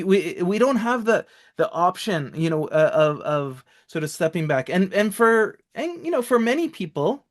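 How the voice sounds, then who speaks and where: A man with a fairly high voice talks through a live webinar as a college counselor. He rambles and keeps cutting himself off mid-thought. His voice comes over a video call. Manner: rambling, self-interrupting.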